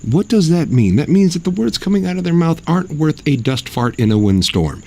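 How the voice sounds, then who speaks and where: A man's voice: on the high side, sing-song, brisk, creaky, very noisy. A man hosting his own podcast, talking in a blunt, sarcastic and mocking way. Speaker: podcast host. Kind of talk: opinionated solo podcast monologue.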